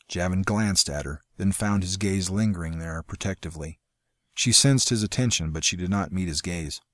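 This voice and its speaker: Male audiobook narrator, low register, dry close recording, steady pacing. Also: no room sound. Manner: steady, measured storytelling. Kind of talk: scripted fantasy narration.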